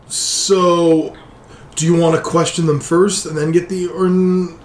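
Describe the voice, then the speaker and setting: A man's voice: a little high, level tone, unhurried. A man narrating as game master, setting scenes loosely with frequent fillers. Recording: roomy echo.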